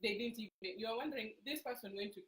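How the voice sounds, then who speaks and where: A woman from Kenya, co-hosting a casual chat show in a relaxed, wry way. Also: on the high side, fast talker, reverberant, low-quality recording. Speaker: co-host.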